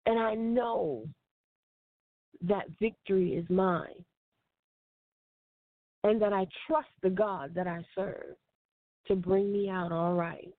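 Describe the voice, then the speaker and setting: Woman preacher, earnest devotional sermon, slow and deliberate, tinny phone-like sound. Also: mid-range voice, steady tone, no room sound. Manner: earnest, repetitive preaching cadence.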